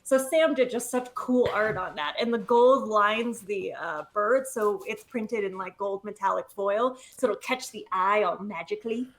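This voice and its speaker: A woman guest in a casual interview, speaking fast and bubbly with self-deprecating jokes over a video call. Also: medium pitch, fairly bright tone. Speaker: guest, literacy nonprofit leader.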